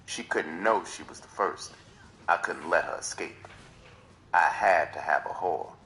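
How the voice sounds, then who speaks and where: A man's voice: low voice, unhurried, sharp tone, slight background noise. A man reading a novel aloud on a live stream in dramatic first-person narration. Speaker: reader.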